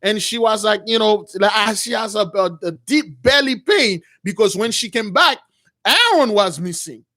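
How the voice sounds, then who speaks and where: A man's voice: high voice, lively intonation, moderate pace, pushed and bright. A man retelling a religious story as a preacher, rambling with many restarts and calling his listeners brothers.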